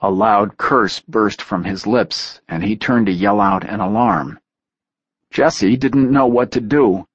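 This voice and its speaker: A man reading a story aloud in a steady, measured narration. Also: fairly low pitch, slightly rough, no room sound, dull audio. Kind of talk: audiobook narration.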